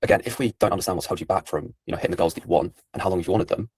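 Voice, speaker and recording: A man in his early twenties working as a sales closer, calm and persistent, answering with more questions. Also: deep voice, very fast, husky, no echo. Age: 20s. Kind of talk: sales call conversation.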